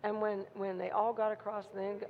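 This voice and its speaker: A woman preaching a sermon, telling a story in an animated way and acting out the voices of a frightened crowd. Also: medium pitch, moderate pace, a little hiss or hum. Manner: animated, acts out crowd voices with rising intensity. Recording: muffled sound in a reverberant hall.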